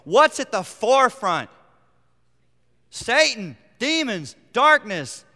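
A middle-aged man preaching a sermon as pastor, emphatic, rising to near-shouts on his key points. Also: extremely high pitch, big pitch swings, slow. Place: church sanctuary. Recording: long hall reverb.

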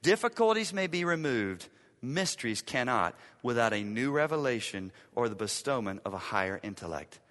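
A man preaching a sermon as pastor, emphatic, repeating key lines and swinging from loud to hushed. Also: medium pitch, very animated, moderate pace, big-room sound.

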